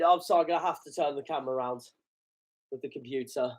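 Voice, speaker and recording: A man's voice: a little high, quick pace. Sweary man reacting to football. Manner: sweary, self-mocking, chatty. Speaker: football channel host. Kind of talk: casual match reaction commentary.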